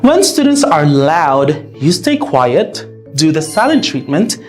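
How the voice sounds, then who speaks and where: Lively woman teacher with soft music. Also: low voice, slow. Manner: lively, acts out shouting at pupils. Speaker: teacher presenting classroom tips. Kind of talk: scripted educational video.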